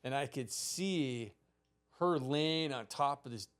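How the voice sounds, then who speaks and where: A man's voice: medium pitch, slow, clean tone. A man in his fifties, a podcast host, telling a childhood story in casual, profane chat and acting out the people in it.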